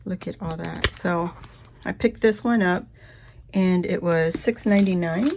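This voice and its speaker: Woman, casual haul chat, slow drawl, rambling, gushes in high squeals, faint background noise. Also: creaky. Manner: rambling and chatty, gushes in high squeals over cute items. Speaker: craft vlogger.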